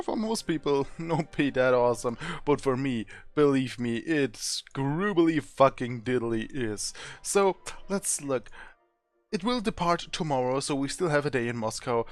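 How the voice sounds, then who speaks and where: A man hosting a gameplay video, reading the game's text aloud and joking and laughing along as he plays. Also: fairly high pitch. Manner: playful, laughing, swears casually. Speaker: let's play host.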